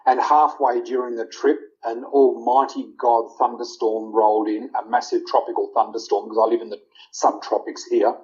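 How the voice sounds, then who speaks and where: A man's voice: mid-range voice, level tone, normal speed, darkish tone. Earnest Australian man telling his story. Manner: earnest, heartfelt storyteller who retells conversations in detail. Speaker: guest. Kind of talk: personal storytelling in an interview. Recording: slightly muffled lo-fi audio.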